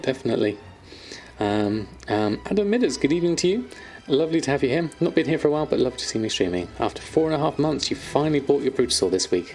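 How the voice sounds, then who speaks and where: A man's voice: medium pitch, vocal fry, darkish tone. A man chatting on a live stream, reading viewer questions aloud and answering them with plenty of ums and fillers. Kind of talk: casual live-stream chat.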